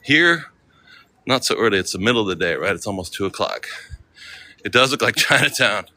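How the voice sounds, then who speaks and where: Slangy American man with a bright voice. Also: lowish voice, animated, a little fast. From United States. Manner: casual and slangy, chatting with viewers. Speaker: live streamer. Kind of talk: walking live-stream vlog. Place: outdoors on city streets.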